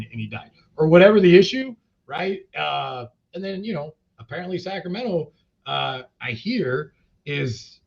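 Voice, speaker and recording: Blunt, profane man with gravelly voice. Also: mid-range voice, a bit bright. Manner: blunt, profane, rambling with many fillers. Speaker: cannabis company CEO, interview guest. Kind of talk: casual interview talk. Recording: dull lo-fi podcast audio.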